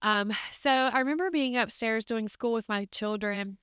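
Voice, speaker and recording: A woman's voice: a little high, normal speed, fairly bright tone, clear, resonant tone, no echo, studio quality. A woman hosting a podcast, telling a personal faith story in an earnest, emotional, conversational way, often saying "like". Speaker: podcast host.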